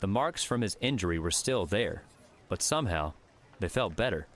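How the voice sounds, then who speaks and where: Low-voiced male audiobook narrator. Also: animated, normal speed. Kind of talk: scripted narration.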